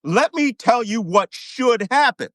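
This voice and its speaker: A man's voice: extremely high pitch, animated, unhurried, a bit bright, dry recording. Profane, ranting ex-navy man. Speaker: guest commentator, former navy chief. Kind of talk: heated talk-show commentary.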